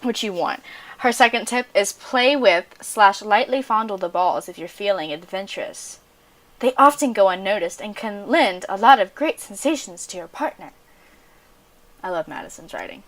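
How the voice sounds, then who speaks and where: A woman's voice: medium pitch, lively intonation, moderate pace, a bit bright. Frank, giggly American woman podcast host. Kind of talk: casual chat.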